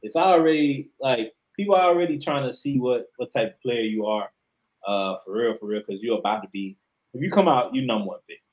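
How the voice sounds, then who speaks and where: A man's voice: mid-range voice, brisk, darkish tone, rough recording. Emphatic, profane man on a sports podcast. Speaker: podcast co-host. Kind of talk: casual sports chat.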